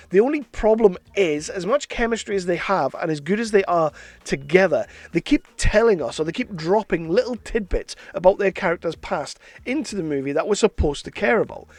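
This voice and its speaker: A man's voice: high voice, expressive, a little fast, no room sound. A man giving a casual spoken film review, chatty and opinionated, with a frank way of talking.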